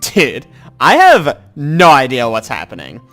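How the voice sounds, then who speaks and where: A man voicing an easygoing young dude-bro who talks in relaxed slang. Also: medium pitch, unhurried, soft background music, voice pushed down.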